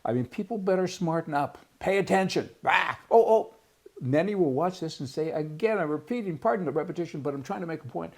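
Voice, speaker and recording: A man's voice: on the high side, expressive, a little fast, darkish tone. A man from Canada giving a blunt, rambling opinion monologue, restarting his sentences and breaking into sudden exclamations. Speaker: political commentator.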